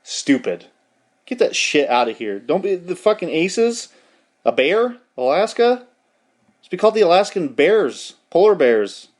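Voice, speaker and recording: A man's voice: high-pitched, sing-song, unhurried. A young man hosting a podcast, rattling off hockey scores in a profane, rambling, mock-outraged casual rundown. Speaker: podcast host.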